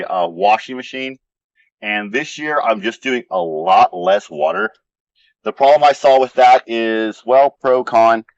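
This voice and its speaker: A man with a medium-pitched voice hosts a casual garden vlog, rambling easily as he walks around an outdoor desert garden. The recording is dull, lo-fi, and dry, with no echo.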